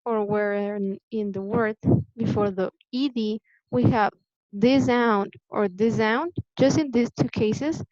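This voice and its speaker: Woman, pronunciation teacher, patient, repeats key points, slow pace, dull lo-fi sound. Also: mid-range voice, darkish tone, no room sound. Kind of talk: classroom lesson explanation.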